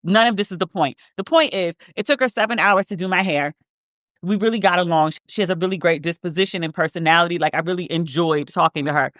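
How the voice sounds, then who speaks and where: A woman in her thirties co-hosts a podcast, chatting casually and telling a story full of restarts, tangents, and self-interruptions. Her voice is fairly low, a bit bright, and fast, recorded dry with studio quality.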